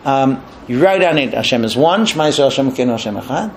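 A man's voice: mid-range voice, animated, quick pace, a little hiss or hum, pitched below the performer's own voice, lightly acted. A man voicing a wealthy man who earnestly explains the rules his leader gave him.

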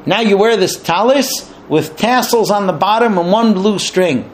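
A man's voice: sits high, a little slow, a little hiss or hum, pitched above the performer's own voice. A man voicing a wealthy wife who mocks her husband and eggs him on with needling questions.

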